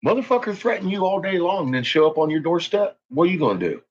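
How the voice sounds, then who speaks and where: A man's voice: sits high, sing-song, fast. Angry profane man ranting, lo-fi. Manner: profane, heated, swaggering threats. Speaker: YouTuber.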